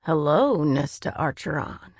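A cold, preening noble man from a storybook, voiced by a woman reader, smooth and coolly mocking. His voice sits low and moves slowly, recorded close and dry. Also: animated, darkish tone, no echo, full character voice.

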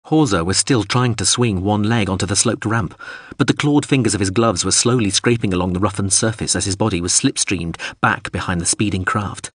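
A man reads an audiobook in a steady, dramatic voice. His tone is low and slightly husky. The recording is dry and close, with no room sound. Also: a little fast, no room sound. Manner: steady, dramatic reading of an action scene. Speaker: narrator. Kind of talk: audiobook narration.

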